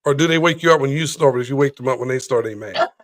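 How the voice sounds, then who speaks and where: A man's voice: mid-range voice, very fast, no echo. A man co-hosting a casual live chat show, telling stories with animation and mimicking other people. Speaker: co-host.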